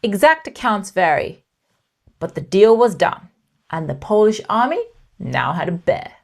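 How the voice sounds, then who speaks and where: A woman's voice: mid-range voice, sing-song, unhurried, gravelly, darkish tone. A woman hosting a podcast, telling a true story with dramatic pacing and wry asides. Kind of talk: storytelling narration.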